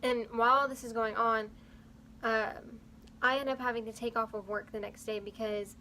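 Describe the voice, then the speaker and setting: Young woman, vlogger, personal story, earnest and rambling, highish voice, little melody. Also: fairly bright tone, slight background noise, rough recording. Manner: earnest, rambling retelling with fillers.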